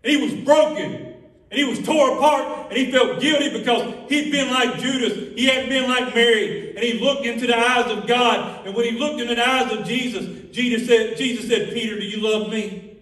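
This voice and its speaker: Man, fervent sermon, bright tense tone, roomy sanctuary, distant mic. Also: very high-pitched, moderate pace. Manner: impassioned preaching, rising into half-sung cadences. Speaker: pastor. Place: church sanctuary. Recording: echoey church from a distance.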